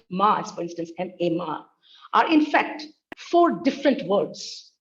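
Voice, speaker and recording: A woman's voice: medium pitch, a little mellow, highs cut off. A woman giving an academic talk on linguistics, speaking carefully and demonstrating tones with examples. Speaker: linguistics researcher presenting.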